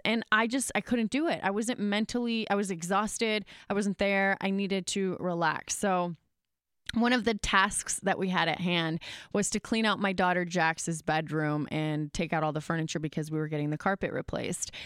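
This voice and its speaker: A woman's voice: medium pitch, fairly bright tone, smooth, no room sound, clean studio sound. A woman hosting a podcast, chatting openly and candidly into a microphone, telling stories with many fillers. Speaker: podcast host. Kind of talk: casual candid chat.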